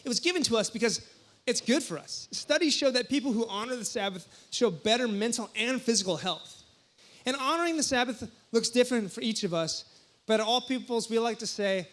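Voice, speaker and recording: A young man preaching a sermon as a young adults pastor, telling jokey stories with sudden loud exclamations. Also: high voice, brisk. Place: church hall before a congregation.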